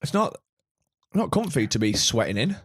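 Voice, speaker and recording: A man's voice: medium pitch, very animated, normal speed, husky. A man co-hosting a podcast, chatting casually in a nervous, rambling way as he describes what is happening to him. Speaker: podcast co-host.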